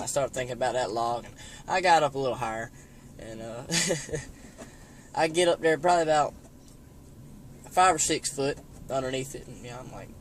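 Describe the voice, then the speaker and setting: A man's voice: medium pitch, a little hiss or hum. A young man telling a hunting story in a rambling, profane way, padding every line with "you know". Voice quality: rambling, heavy swearing, constant "you know". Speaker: storyteller vlogger. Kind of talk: casual storytelling.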